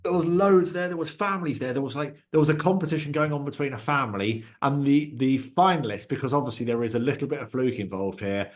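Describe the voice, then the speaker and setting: A man chatting on a ski podcast, with a voice of ordinary pitch. He rambles through travel stories and acts out the people in them. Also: fast, hardly any pauses. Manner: chatty anecdotes with acted-out quotes. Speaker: podcast co-host. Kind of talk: casual chat, storytelling.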